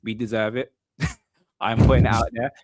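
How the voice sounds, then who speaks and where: A man's voice: medium pitch, little pitch movement, moderate pace, darkish tone. A man hosting a casual football fan podcast, upbeat and prone to repeating his phrases. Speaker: podcast host.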